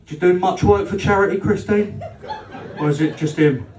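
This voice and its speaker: A stand-up comedian with a high-pitched, darkish voice performs at a moderate pace on a club function room stage, with slight background noise. He cheekily teases the crowd, swears, and acts out quarrels with his girlfriend, all in roomy, distant live audio.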